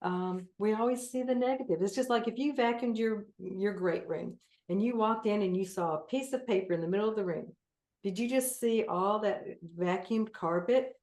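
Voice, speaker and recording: A woman's voice: medium pitch, moderate pace, darkish tone, echoey room. A woman with a Southern accent, a guest in an interview, talking in an upbeat, encouraging way with frequent laughs. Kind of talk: casual interview chat.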